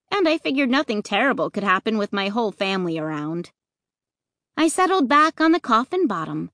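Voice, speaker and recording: A woman's voice: a little high, a bit bright, no echo, clean studio sound. A woman narrating a children's spooky storybook in the first person, expressively. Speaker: audiobook narrator.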